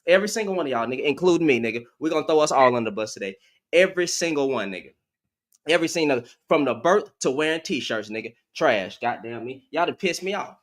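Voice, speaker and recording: A man hosting a live stream call, ranting in exasperation and swinging between shouting and muttering. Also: mid-range voice, lively intonation, fast. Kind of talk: heated live stream rant.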